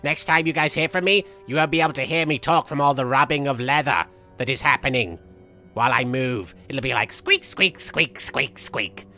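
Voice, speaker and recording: A man's voice: medium pitch, normal speed, pushed and bright, close to an everyday voice. A man streaming a game in the persona of a vain, theatrical cartoon villain, reading chat aloud and joking. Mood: playful. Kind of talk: live game stream chat with in-character banter. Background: faint game music.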